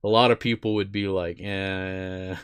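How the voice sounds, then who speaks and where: A young man with a smooth, resonant voice, chatting loosely about shows he likes. He rambles, drops fillers and the occasional curse, and his pitch sits in an ordinary middle range. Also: unhurried, fairly bright tone. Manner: laid-back, swears casually, rambling with fillers. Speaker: podcast co-host. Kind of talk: casual chat.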